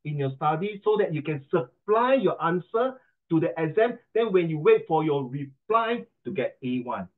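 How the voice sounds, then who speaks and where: A man's voice: on the high side, big pitch swings, moderate pace. A man with a Singaporean accent teaching an online class in a playful, joking way, full of rhyming wordplay. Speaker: tutor. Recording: tinny phone-like line.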